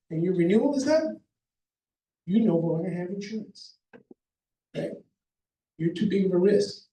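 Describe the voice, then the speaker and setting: Emphatic high-voiced man in a roomy hall. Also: mellow. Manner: emphatic, numbered points, keeps asking "okay?". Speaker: contractor speaking at a seminar. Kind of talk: practical advice talk to an audience. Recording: roomy hall, mic far off.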